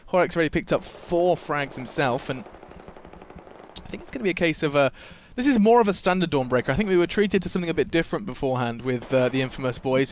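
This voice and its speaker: A man's voice: on the high side, slight background noise. A man giving enthusiastic color commentary as co-caster on a live video game match. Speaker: esports co-caster.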